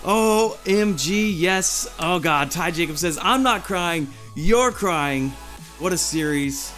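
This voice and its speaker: A man hosting a live stream, giddy and out of breath, reading chat messages aloud in an excited chat. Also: sits high, slow, soft background music.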